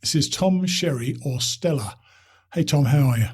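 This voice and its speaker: A man hosting a hiking podcast, chatty and quick to laugh as he introduces and interviews a guest. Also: a little high, lively intonation, a little mellow, breathy edge. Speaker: podcast host.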